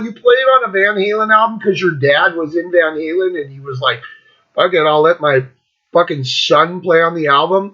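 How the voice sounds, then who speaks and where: On his own podcast, a fifty-something man rants bluntly and mockingly, cursing freely and laughing a lot. His high, bright voice has a forceful tone, though the recording is muffled.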